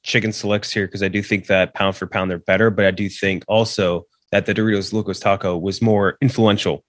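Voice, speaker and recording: Low-voiced man reading a casual ad. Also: level tone, brisk, no room sound, studio quality. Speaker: podcast co-host. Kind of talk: casual chat and read ad.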